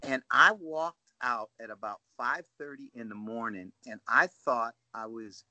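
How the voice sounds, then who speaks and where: A man, a guest coach on a casual podcast call, telling animated stories and often asking "right?". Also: medium pitch, unhurried, no echo. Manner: storytelling, animated, says "dude" and "right?".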